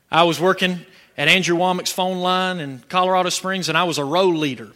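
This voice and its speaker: Guy from preaching, high voice, bright sharp tone, gets loud and shouty. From Georgia, USA. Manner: animated storytelling, bursts into shouting. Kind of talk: sermon.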